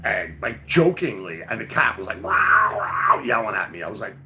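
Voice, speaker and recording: Man, gravelly voice, lively swinging pitch, loose profane storytelling. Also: fairly quick, slight background noise. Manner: profane, rambling, full of fillers. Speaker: podcast host. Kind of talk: casual storytelling.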